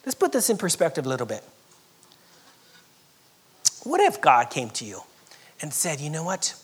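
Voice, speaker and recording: Pastor, male, from Southern California; dynamic preaching with loud and near-whispered passages. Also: fairly high pitch, huge pitch swings, moderate pace, breathy edge. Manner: dynamic preaching, swinging from loud emphatic lines to soft near-whispers, with chuckles. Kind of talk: sermon.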